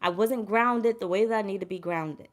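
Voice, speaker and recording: A woman reading tarot for her viewers in a loose, conversational pep talk. Her voice sits at an ordinary pitch. She talks bluntly, swears freely and says her key lines twice for emphasis. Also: normal speed. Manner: blunt, emphatic, heavy cursing, repeats herself. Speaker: tarot reader. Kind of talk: casual spiritual pep talk to camera.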